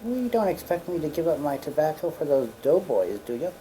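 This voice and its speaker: A man putting on the voice of a haughty, wealthy woman poet as he tells a story, a little higher and louder than his own voice. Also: fast, a little hiss or hum, low-quality recording. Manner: haughty, entitled. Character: imperious wealthy woman poet, cigar-smoking.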